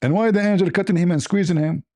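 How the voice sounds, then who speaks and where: A man's voice: sits high, fast talker, warm tone, no room sound, studio quality. A man hosting a call-in livestream, arguing insistently with a caller and mocking the other side's points. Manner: mocking, insistent, laughs at his own points. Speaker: livestream host debating a caller. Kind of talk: argumentative livestream call-in debate.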